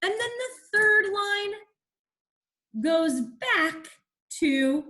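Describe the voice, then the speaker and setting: A woman's voice: very high voice, lively intonation, extremely slow, pushed and bright. A woman teacher leading an online class over a video call, encouraging the children and asking them questions as she explains.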